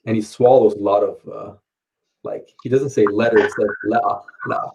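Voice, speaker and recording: A man's voice: fairly low pitch, fairly even intonation, brisk, creaky, noisy background. A man chatting casually at home, rambling, swearing and laughing often. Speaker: streamer. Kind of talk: casual chat. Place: home, under curfew.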